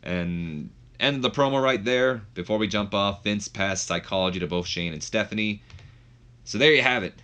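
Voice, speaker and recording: A man's voice: lowish voice, normal speed, sharp tone, highs cut off. A man hosting a gaming video, recapping a match in a rambling way full of fillers. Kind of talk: casual game commentary.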